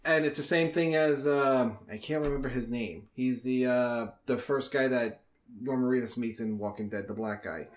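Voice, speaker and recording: A man from the New York area hosts a casual podcast. He tells stories with an animated, swear-heavy delivery at an average pitch. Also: moderate pace. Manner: animated, profane storyteller. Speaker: podcast host. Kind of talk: casual chat.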